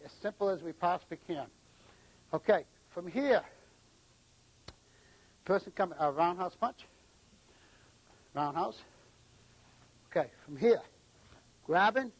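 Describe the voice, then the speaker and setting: A man's voice: high voice, slow pace, pauses often, poor audio. A middle-aged man from New England, a martial arts instructor who gives short commands and counts out the moves during a live demonstration.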